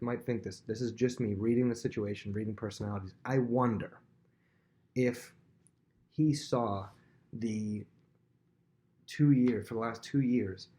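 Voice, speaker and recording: A man with a fairly low voice teaches a Bible lesson in a relaxed, conversational way. He thinks aloud as he explains, circling back and restating his points.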